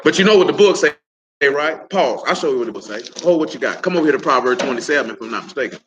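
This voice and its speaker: A man's voice: mid-range voice, expressive, fast, muffled recording, noisy background. A man leading an interactive Bible study, talking casually, teasing and quizzing his listeners by name. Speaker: Bible teacher.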